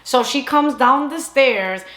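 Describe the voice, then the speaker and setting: A woman's voice: high voice, slow pace. Chatty woman telling a story, echoey room. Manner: animated, chatty, switching between English and Spanish. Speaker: storyteller vlogger. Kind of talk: casual storytime monologue.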